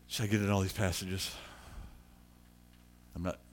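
A man preaching a sermon as pastor, animated, rising loud for emphasis and slowing down to stress key lines, with chatty asides to the congregation. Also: low voice, a little hiss or hum.

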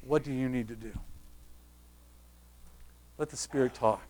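A man preaching a sermon, pressing his listeners with repeated rhetorical questions and sinking to a soft, quiet close. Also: medium pitch, a little slow.

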